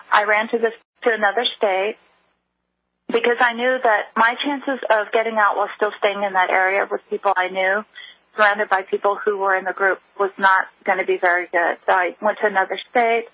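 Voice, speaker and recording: A middle-aged woman recounting a personal story as an interview guest, earnest and halting with frequent restarts. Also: mid-range voice, steady tone, bright, forceful tone, breathy edge, dry recording, rough recording.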